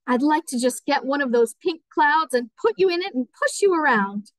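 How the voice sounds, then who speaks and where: A woman's voice: high-pitched, animated, moderate pace, no echo, voice pushed up. A woman voicing a dreamy, gushing young society woman in an audiobook reading.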